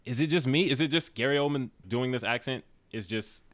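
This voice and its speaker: A man talks through a film with his co-hosts in a loose, casual way, dropping wry jokes as he goes. His voice sits at a middle pitch. The sound is close and dry, with no room around it. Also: fairly quick, fairly bright tone, dry recording. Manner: joking, wry asides. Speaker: podcast co-host. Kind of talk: casual movie review chat.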